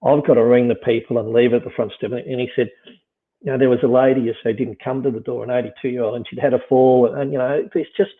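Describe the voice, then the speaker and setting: A man's voice: mid-range voice, level tone, quick pace. A middle-aged man talking through business and leadership in a rambling way, full of "you know" and restarts. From Australia. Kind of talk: casual conversation. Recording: tinny phone-like line.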